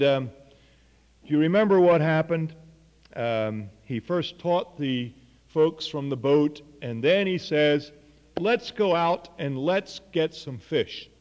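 A man's voice: fairly high pitch, a little mellow, in a large hall, muffled recording. A man preaching a sermon, telling a story earnestly and voicing the people in it. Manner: earnest storytelling with quoted dialogue.

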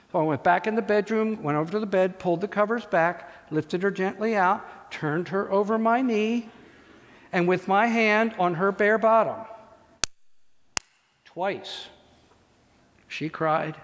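Preacher, male, lively storyteller with a high voice, long hall reverb. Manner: animated storyteller, acts out voices. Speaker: pastor. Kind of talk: sermon with storytelling.

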